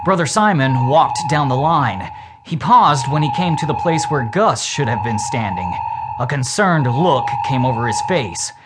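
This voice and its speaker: Male narrator, children's audiobook, slow measured reading, mid pitch, strong hiss. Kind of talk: scripted narration of a children's book. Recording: loud steady hiss.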